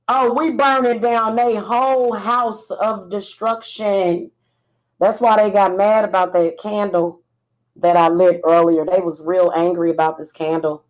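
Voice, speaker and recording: A woman vlogging in casual chat, animated and sassy, often laughing. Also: on the low side, measured pace, low-quality recording. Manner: animated, laughing, singing snatches of a chorus; sassy, defiant. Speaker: spiritual vlogger.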